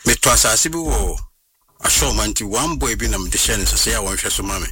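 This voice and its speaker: A man, recounting a personal story as an interview guest in an animated way and slipping into English phrases. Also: lowish voice, quick pace, slightly rough, far from the mic. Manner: animated, mixes in English phrases, acts out what others said.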